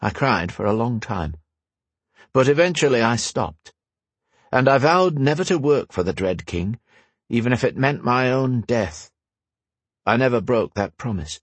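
A man voicing a proud, battle-worn older knight in a storybook reading, telling his past in a steady, confessional way. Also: mid-range voice, a little slow, pauses often, slightly rough, no room sound. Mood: somber.

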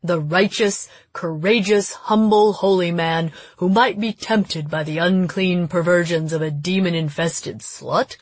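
A woman's voice: lowish voice, steady tone, measured pace, hardly any pauses, husky, no room sound. A woman doing a sneering mock-pompous man. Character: teen girl mocking a pompous holy man.

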